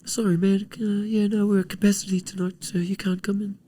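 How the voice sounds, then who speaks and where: A man voicing a huge, gentle Polynesian nightclub bouncer with a soft, laid-back drawl, politely turning someone away. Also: high voice, little pitch movement, fairly quick, a little hiss or hum, pitched above the performer's own voice, close to an everyday voice. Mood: gently firm. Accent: New Zealand Polynesian. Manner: polite but firm.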